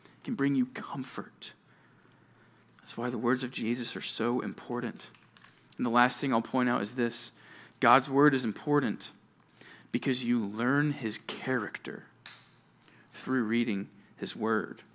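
A male youth pastor preaching to junior high students, telling stories with animation and talking straight to his listeners. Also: measured pace. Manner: animated storytelling, addresses listeners directly.

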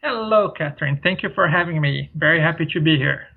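A man's voice: on the high side, brisk, gravelly, slightly rough. A man from Brazil with a Brazilian Portuguese accent, a podcast guest, talking in an easygoing way. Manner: easygoing, many fillers and restarts. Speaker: podcast guest, traveler and author. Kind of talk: casual interview talk. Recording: dull lo-fi sound.

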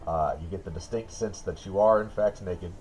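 A man narrating as dungeon master in a relaxed, descriptive way. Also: low-pitched, moderate pace, a little hiss or hum, low-quality recording. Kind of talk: narrating a tabletop game.

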